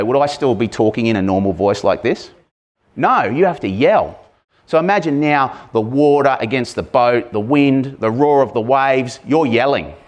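A man preaching a conversational sermon, animated and chatty, often asking the congregation questions. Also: mid-range voice.

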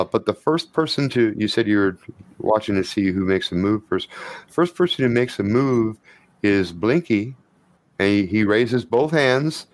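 A man with a lowish voice, recorded with no echo, serves as game master for a tabletop game. He narrates scenes vividly and casually, in an animated style with frequent profanity.

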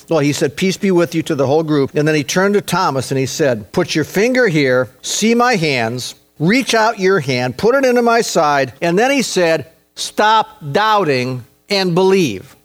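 A man preaching a sermon as pastor, stressing phrases slowly and acting out quoted speech. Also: fairly high pitch.

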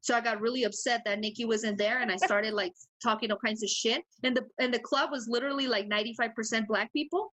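Speaking quickly with few pauses, this young female podcast co-host uses a fairly high voice to recount a wild story. She gets animated, curses a lot, and performs the quotes herself, though the recording quality is low.

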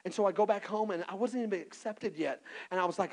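A man from Texas, telling his own story in an animated, self-mocking sermon with lots of restarts. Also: sits high, quick pace. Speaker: preacher.

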